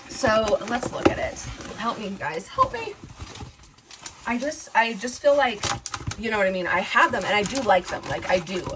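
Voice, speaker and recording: A woman's voice: lowish voice, noisy background. Rambling, indecisive woman crafting vlogger. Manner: rambling, indecisive, self-deprecating, says "you guys" often. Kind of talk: casual chat to camera.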